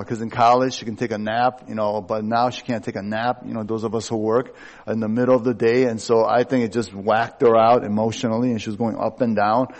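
A man's voice: lowish voice, darkish tone. A middle-aged man, a pastor, giving a conversational sermon in a candid, personal way and joking about himself.

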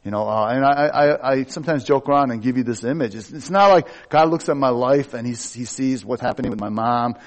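A middle-aged male pastor preaches in a loose, conversational way, mixing personal stories with scripture. His voice sits at an ordinary mid pitch, and he talks candidly, often poking fun at himself. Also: fairly quick, few pauses. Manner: candid, personal and self-joking. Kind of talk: conversational sermon.

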